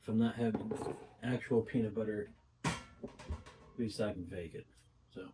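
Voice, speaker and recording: A man's voice: fairly low pitch, fairly even intonation, moderate pace, noisy background. A young man talking casually through a cooking vlog, rambling with lots of fillers and little asides. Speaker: bodybuilder vlogger.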